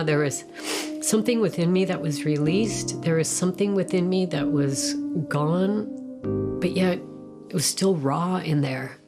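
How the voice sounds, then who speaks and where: A woman tells her story slowly and reflectively, her voice pitched low. She speaks with emotion, and loud plucked guitar music plays under her. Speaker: testimony speaker. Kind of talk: personal testimony.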